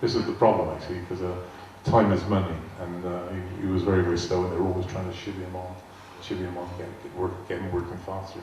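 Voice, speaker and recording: An older man with a West Country English accent, speaking as a guest to a live audience in a large arts hall, tells amused anecdotes in a chatty way. His voice is low and darkish, with a flat delivery, a quick pace, and hardly any pauses. The recording is echoey, with a distant mic and faint hiss.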